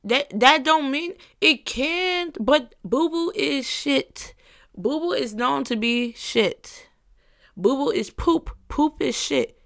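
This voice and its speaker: The woman's slightly high voice is creaky, bright, and forceful. She hosts a casual podcast by herself, repeating things emphatically, swearing a lot, and playfully laughing throughout.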